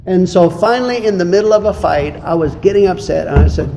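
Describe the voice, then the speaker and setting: A man teaching a church lesson as a pastor, animated and given to acting out little scenes and laughing as he goes. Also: high-pitched, quick pace, vocal fry, few pauses. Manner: animated storyteller who acts out quarrels and laughs often. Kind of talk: church lesson answering questions. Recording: echoey hall with background noise.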